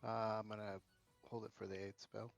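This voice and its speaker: A man playing in a tabletop game, speaking quietly and quickly in casual chat. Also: on the low side, little pitch movement, creaky, highs cut off, soft background music. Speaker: player.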